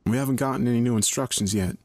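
A man's voice: mid-range voice, rapid-fire, darkish tone, no echo, clean studio sound, lightly acted. Man doing a puzzled, easygoing young man. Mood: offhand.

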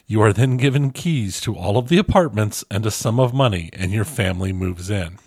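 A man with a fairly low voice co-hosts a casual podcast and reads a listener review aloud. His humor is dry and self-deprecating. The mic is close and the sound is dead dry, with no room at all. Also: lively intonation, brisk, darkish tone, husky, no echo. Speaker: podcast co-host.

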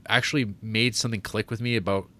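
Man, lowish voice, rambling podcast chat, laughs a lot, many fillers. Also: fairly even intonation, fast talker, bright, forceful tone. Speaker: podcast co-host. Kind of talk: casual movie chat.

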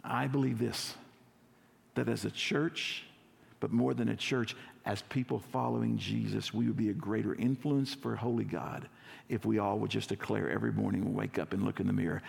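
A man, a lead pastor, preaching a conversational sermon in a church, acting out scenes and slowing down for emphasis. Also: lowish voice, steady tone, creaky, a little mellow, in a large hall.

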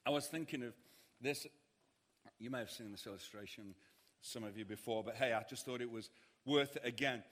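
A man preaching a sermon, telling a funny story and acting out the panic of others in shouts. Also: mid-range voice, moderate pace, long pauses. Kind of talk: sermon with humorous anecdote. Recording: hall reverb.

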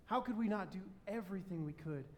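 A man delivering a sermon in a high, light voice. He tells his stories with energy, jumping between loud enthusiasm and quiet, pointed moments. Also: fast talker, slight background noise. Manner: animated storytelling, swings between loud excitement and quiet emphasis. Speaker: pastor.

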